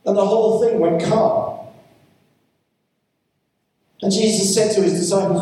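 A man's voice: high voice, fairly even intonation, measured pace, pauses often, dark tone. A man preaching a sermon, telling a story and pressing his point with emphatic rhetorical questions. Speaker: pastor. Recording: echoey hall, mic from far off.

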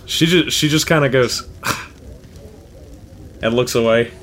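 A man narrating as game master in a relaxed, hesitant way. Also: medium pitch, takes it slowly, slight background noise.

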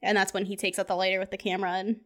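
A woman's voice: medium pitch, rapid-fire. A young woman in easy conversation, recapping a movie scene by scene. She slips into the characters' lines as she goes and laughs often. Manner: animated storytelling, acts out quotes, laughs often. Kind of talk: casual chat about a film.

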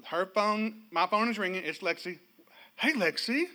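A man's voice: high voice, normal speed. A middle-aged man preaching a sermon in a church, telling stories with humor and calling out to the congregation for responses. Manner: animated, humorous storytelling with calls to the congregation. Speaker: pastor.

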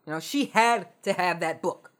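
A young man hosting a podcast, telling comic stories and ranting sarcastically, swearing freely and jumping from mutters to loud outbursts. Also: high-pitched, normal speed, clear, resonant tone. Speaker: podcast host. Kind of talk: comedic storytelling rant.

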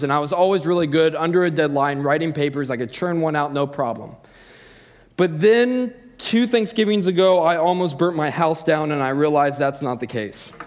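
A man in his thirties telling a funny personal story in a casual, self-deprecating way. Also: fairly high pitch. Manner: self-deprecating, lots of fillers and restarts. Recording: long hall reverb.

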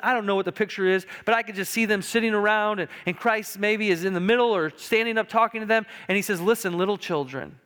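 A male pastor preaching a sermon in a church, emphatic and repetitive, slowing down on key lines and building louder toward urgent points. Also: high voice, clear, resonant tone. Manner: emphatic preaching, repeats key phrases and often says "listen". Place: church sanctuary.

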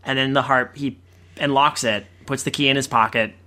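Podcast co-host, man, bright crisp voice, enthusiastic, cracks jokes. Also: medium pitch, steady tone. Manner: enthusiastic, joking, quick asides. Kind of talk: casual film discussion.

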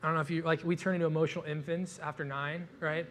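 A man preaching a conversational sermon, casual and animated, with joking asides and frequent fillers. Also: a little high, quick pace, a little hiss or hum. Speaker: pastor.

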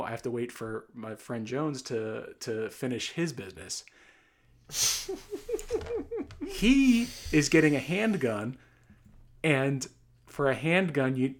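A young man casually telling a long, exasperated anecdote, acting out the people he quotes. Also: mid-range voice. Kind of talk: casual storytelling.

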